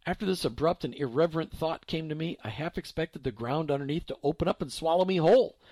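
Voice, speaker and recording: A man narrates a story aloud in a reflective, expressive reading. His voice sits a little high and moves a lot in pitch. The recording is dry and close, with no room sound. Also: no echo.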